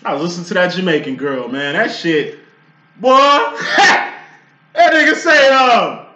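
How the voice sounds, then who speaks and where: A man, giving a casual, profane tarot reading that rambles and breaks into loud outbursts. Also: high-pitched, big pitch swings, measured pace, echoey room, dull audio. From Chicago. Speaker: tarot reader.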